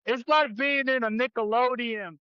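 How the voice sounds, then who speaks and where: A man's voice: very high voice, fairly even intonation, moderate pace, smooth, dry recording, muffled recording. A man hosting a comedy podcast, riffing through absurd improvised jokes. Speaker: podcast host. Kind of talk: casual comedic chat.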